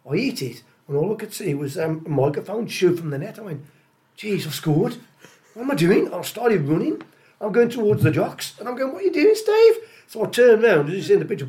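An older man, guesting on a podcast and telling stories in a loose, animated way. He repeats himself as he builds each story, and his voice sits a little high for a man. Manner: animated, repeats phrases, lots of uh and you know what I mean. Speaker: guest, former footballer. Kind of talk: casual anecdotal storytelling.

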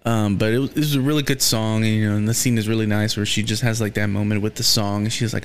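A man's voice: fairly low pitch, fairly even intonation, fast talker, few pauses. A man casually recapping episodes of a TV series, rambling with lots of fillers and restarts and swearing freely. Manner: swears freely and gets heated. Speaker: show recapper.

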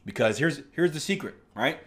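A man's voice: a little high, sing-song, normal speed. A man teaching trading in a casual live stream, chatty, who keeps asking "right?" and acts out his stories. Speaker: trading instructor.

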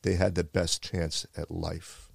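A man's voice: low-pitched, little pitch movement, takes it slowly, vocal fry, breathy edge, no echo. A man from the Bronx, a retired firefighter earnestly telling a heartfelt personal story. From the Bronx, New York. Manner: earnest and heartfelt, with repeated phrases.

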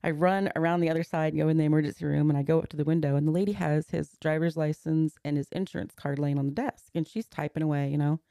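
A woman's voice: sits low, steady tone, fast talker, hardly any pauses, warm tone, no echo, clean studio sound. A woman in her forties, a podcast guest, earnestly recounting a personal story step by step and slipping into the words of the people in it. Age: 40s.

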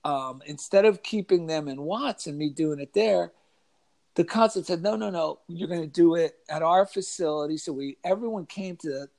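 A man telling an animated story in a casual chat, acting out the voices of kids and of himself. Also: fairly high pitch, normal speed, gravelly. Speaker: author and guest.

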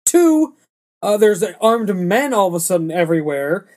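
A man's voice: high-pitched, big pitch swings, normal speed, a little mellow. A man co-hosting a podcast, ranting in a casual, incredulous way about a bad movie and swearing now and then. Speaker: podcast co-host. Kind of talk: casual movie review chat.

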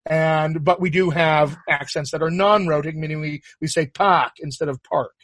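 Male dialect coach from the US, patient and explanatory, voice sits a bit high, dry. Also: fairly even intonation, dry recording. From United States. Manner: patient, explanatory, drawn-out teaching. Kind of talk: coaching an accent on a talk show.

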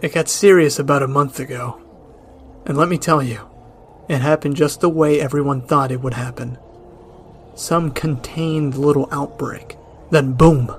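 A man giving dramatic, measured narration of a first-person horror story, grim and drawn out. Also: a little high, steady tone, slight background noise.

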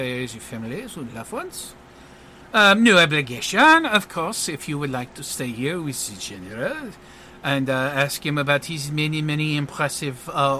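A man's voice: medium pitch, bright, forceful tone, slight background noise. A man voicing a flamboyant, pompous male superhero with a put-on French accent, talking smugly and full of hesitations during a tabletop game. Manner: smug, theatrical, full of hesitations. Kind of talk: tabletop role-play voice acting.

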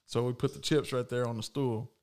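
A man's voice: mid-range voice, steady tone, fairly quick, darkish tone. A man hosting a casual podcast, telling a long prank story with slang, swearing and frequent laughs. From Houston, Texas. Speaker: podcast host.

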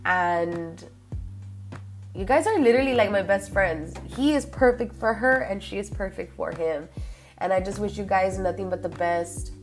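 A woman's voice: medium pitch, moderate pace, faint music behind. A young woman hosting a podcast, chatty and gushing, slipping Spanish phrases into her English. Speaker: podcast host. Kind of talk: casual chat.

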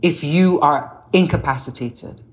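A middle-aged woman guest in casual chat, telling animated stories and acting out the voices she quotes. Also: low-pitched, measured pace, background noise.

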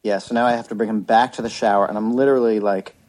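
A man's voice: lowish voice, steady tone, fast talker, darkish tone, a little hiss or hum. A man in his thirties on a casual podcast, telling a long story with lots of restarts and swearing. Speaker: podcast co-host. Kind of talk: casual chat.

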